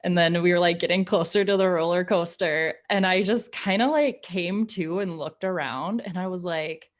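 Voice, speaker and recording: Low-pitched woman, podcast co-host, animated casual storyteller. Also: normal speed. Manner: animated storyteller, acts out her own lines. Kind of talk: casual chat.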